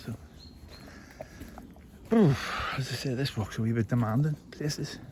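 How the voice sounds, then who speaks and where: A man with a Derry accent rambles along at an unhurried, easy pace, drifting between topics in a chatty, self-deprecating way. He records on a phone held out on a stick during a country walk. Birds and steady outdoor noise are clear behind his voice. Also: medium pitch. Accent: Northern Irish, Derry. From Northern Ireland. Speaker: vlogger. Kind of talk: rambling walk-and-talk chat. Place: outdoors on a rural hill walk. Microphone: phone on a selfie stick.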